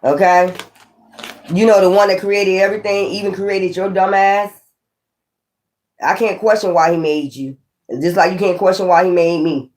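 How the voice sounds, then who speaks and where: Woman, tarot reader, casual reading, profane, scolding, rambling asides, mid pitch. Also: steady tone, normal speed, pauses often, darkish tone.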